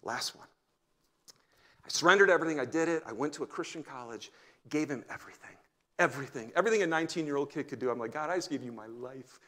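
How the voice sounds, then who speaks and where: A man in his fifties, a pastor, preaching a sermon and telling stories, swinging from loud exclamations to hushed near-whispers. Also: fairly high pitch, fast talker. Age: 50s. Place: church sanctuary.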